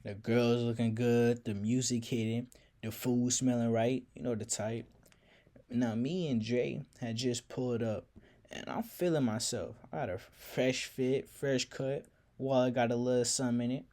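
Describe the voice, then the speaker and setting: A man's voice: mid-range voice, steady tone, measured pace, warm tone. A man telling a personal story in a casual, slangy, reflective way.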